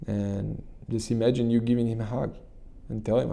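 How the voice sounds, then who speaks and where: Low gravelly man, flat delivery. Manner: earnest, repetitive, halting restarts. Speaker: channel host and coach. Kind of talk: motivational talk with guided meditation.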